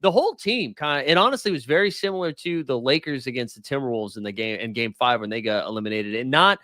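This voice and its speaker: A man co-hosting a podcast, chatting casually about basketball, animated and joking, often laughing. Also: mid-range voice, fast, dry recording, clean studio sound. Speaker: podcast co-host. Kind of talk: casual sports chat.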